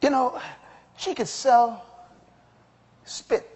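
A man's voice: very high-pitched, very slow, darkish tone, husky. A male pastor delivering an emphatic sermon to a congregation, rising to strong exclamations. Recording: long hall reverb.

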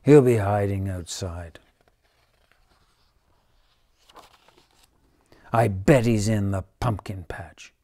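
A man's voice: lowish voice, a little slow, warm tone. A man voicing a fretful storybook cat that storms, scoffs and wails. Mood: scoffing. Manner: wailing, weepy.

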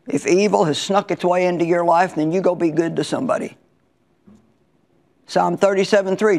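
A woman's voice: fairly low pitch, steady tone, moderate pace, pauses often, darkish tone. Woman preacher, conversational sermon delivery, emphatic and repetitive. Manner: emphatic, conversational, repeats key lines. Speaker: Bible teacher.

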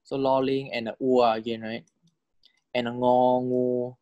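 A man delivers a recorded lesson in a patient, methodical way, pausing often to check that the listener is following. He repeats each example word several times, letting his pitch rise and fall to show the tones. His voice sits at an ordinary middle pitch, and the recording is dry and close with no room echo. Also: little pitch movement, mellow, lo-fi sound. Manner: patient, checks understanding with repeated "correct?" and "okay?". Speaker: Thai language teacher. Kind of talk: recorded lecture explaining Thai spelling and tones.

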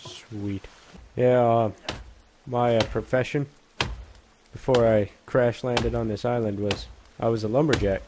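A man jokes and swears his way through a video game in an easygoing, mid-pitched voice. Game sound and noise sit clearly behind him on a noisy home recording. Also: fairly even intonation, a little slow, long pauses. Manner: joking, crude, swears a lot. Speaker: gameplay commentator. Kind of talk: casual let's play commentary.

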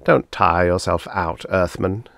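A man's voice: low-pitched, measured pace, gravelly, no room sound, clean studio sound. A man voicing a mocking giant male alien swordsman, scornful and taunting.

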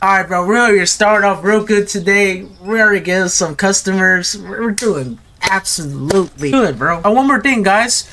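A man giving casual, excitable gameplay commentary to his viewers, full of slang and rambling asides. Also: sits high, normal speed, hardly any pauses, slight background noise. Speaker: gaming video creator.

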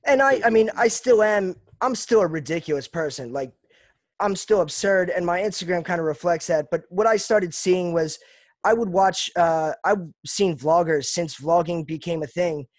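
A rapper from Lancaster, Pennsylvania, speaks as an interview guest in a high voice at normal speed, captured in a dry recording. His casual talk is earnest, reflective and self-deprecating.

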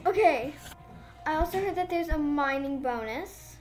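A woman giving excited, casual commentary on her game, gushing and babbling breathlessly into a phone mic. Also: high-pitched, normal speed, faint music behind. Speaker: gaming vlogger.

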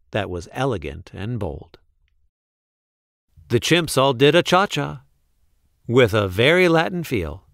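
Expressive gravelly man reading a picture book. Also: medium pitch, no room sound, studio quality. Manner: rhythmic, expressive rhyming delivery. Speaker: storybook reader. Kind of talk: children's picture-book read-aloud.

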